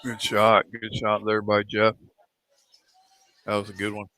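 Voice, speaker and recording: A man's voice: fairly low pitch, completely flat delivery, unhurried, bright, forceful tone. A man giving casual live commentary on a pool match in a pool hall, laid-back and chatty, drifting into rambling anecdotes with chuckles.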